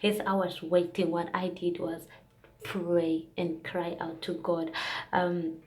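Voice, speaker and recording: A woman's voice: on the low side, level tone, slow, darkish tone. A young woman vlogger sharing a casual, earnest faith testimony, rambling with fillers and restarts.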